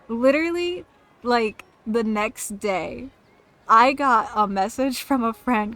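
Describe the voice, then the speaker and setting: A woman's voice: on the high side, takes it slowly, bright, forceful tone, no room sound. A woman streaming a game, chatting casually in a rambling, giggly, self-mocking way.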